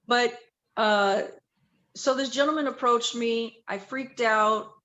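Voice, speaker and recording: A woman with a slightly bright voice on the high side speaks slowly over lo-fi sound. She's a fifties-aged interview guest from the Los Angeles area, USA, casually and chattily telling her life story and often correcting herself.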